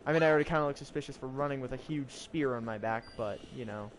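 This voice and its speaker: With a crowd audible behind him, a young streamer gives casual commentary while gaming, reading riddles and joking in mock French. His mid-range voice moves at a quick pace.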